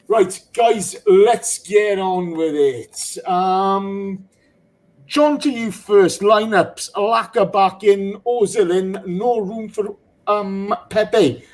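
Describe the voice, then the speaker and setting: Guy hosting a footy podcast, kinda high voice, lots of ums, choked up. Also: rough recording. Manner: emotional, halting with many ums. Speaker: podcast host. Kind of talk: casual football podcast chat.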